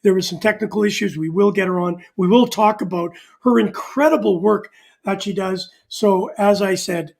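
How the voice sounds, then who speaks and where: A man with a high voice and a gravelly edge, co-hosting a casual talk show. He rambles along, padding his sentences with "uh". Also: normal speed. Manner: rambling, frequent "uh" fillers. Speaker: co-host.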